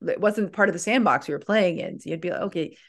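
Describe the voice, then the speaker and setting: A middle-aged woman with a fairly low voice chats casually as a guest writer. She laughs often and restarts her sentences. Her talk is loose and animated. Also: fast. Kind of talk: casual interview chat.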